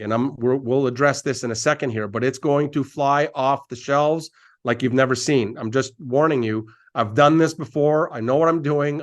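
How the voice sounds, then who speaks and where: Excitable male network-marketing pitcher. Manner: excitable, hyped-up, repeats himself, quick asides. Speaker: company presenter. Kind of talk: energetic sales pitch.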